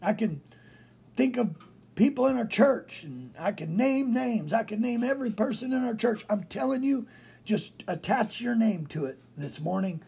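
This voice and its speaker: A man preaching a broadcast sermon as pastor, animated, repeating phrases for emphasis. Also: extremely high pitch, normal speed, gravelly, breathy edge.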